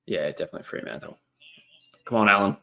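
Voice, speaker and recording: Fast-talking and forceful, a young Australian man with a lowish, bright voice and some vocal fry hosts a casual footy livestream indoors at a laptop. He commentates on the match, chats with viewers, reads their messages aloud, and rambles with many ums.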